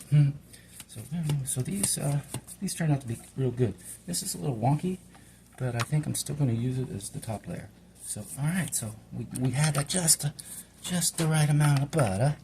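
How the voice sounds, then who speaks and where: Rambling middle-aged man with a gravelly voice. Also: medium pitch, warm tone, slight background noise. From Hawaii. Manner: chatty, meandering, talks to himself while working. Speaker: home cook and channel host. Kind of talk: rambling casual cooking vlog.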